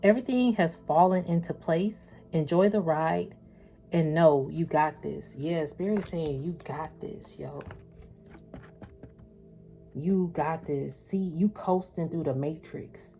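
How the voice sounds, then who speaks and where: A woman's voice: deep voice, takes it slowly, warm tone, soft background music. A woman doing a casual spiritual reading, chatting with viewers in a slangy, loose way. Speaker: spiritual tarot reader.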